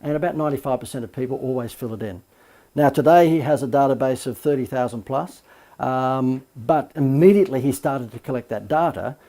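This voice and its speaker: A man, a marketing coach, giving a recorded course lecture full of lively anecdotes and emphatic asides. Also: mid-range voice, fairly quick.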